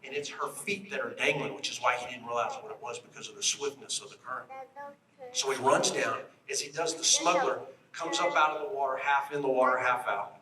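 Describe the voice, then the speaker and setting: A man's voice: medium pitch, brisk. A middle-aged man, a retired state police officer, tells a story in an emphatic rally speech and speaks straight to the crowd. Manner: emphatic, addresses the crowd directly. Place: outdoor rally. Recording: echoey, distant from the mic.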